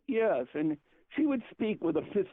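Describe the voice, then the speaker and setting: A man's voice: high-pitched, sing-song, moderate pace, dry recording. An older man telling rambling family stories on a casual phone call, repeating himself and laughing often. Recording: tinny phone line, dry.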